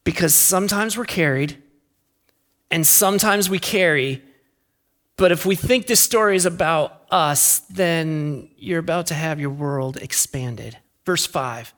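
A pastor delivering an earnest sermon, with emphatic swings in pitch and loudness. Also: unhurried.

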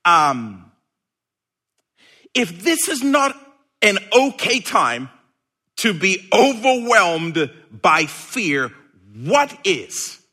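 Bright-voiced, animated male preacher. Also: sits high, very slow, pauses often, husky. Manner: animated, playful, with sudden shouted bursts. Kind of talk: sermon.

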